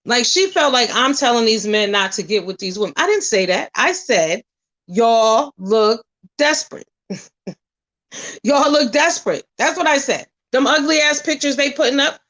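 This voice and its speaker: A woman's voice: a little high, a little fast, few pauses, rough recording. Blunt, profane woman ranting at the camera. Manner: blunt and profane, firing rhetorical questions; animated storytelling, drifting between loud and soft. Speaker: vlogger. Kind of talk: casual straight-to-camera rant.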